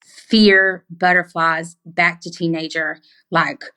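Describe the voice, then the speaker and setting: This podcast guest, a middle-aged Arkansas woman with a Southern accent, speaks slowly in a smooth, lowish voice. She spins stories in emphatic, animated, casual conversation laced with lots of cursing.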